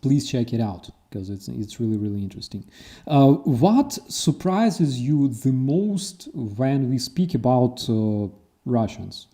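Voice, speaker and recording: A man hosting a casual interview, who tells stories in an animated way and acts out the people he quotes. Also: mid-range voice, slow pace. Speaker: host.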